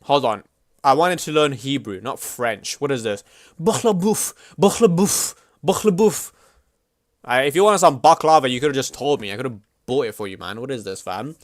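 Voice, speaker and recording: A man streaming live at his computer, chatting casually in an excitable, slangy, swear-heavy way. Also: medium pitch, fairly quick, no echo, studio quality.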